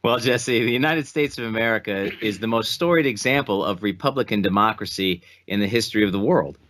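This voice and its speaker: A man co-hosting a casual political podcast, speaking in a measured, earnest way. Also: fairly low pitch, fairly bright tone. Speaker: podcast co-host.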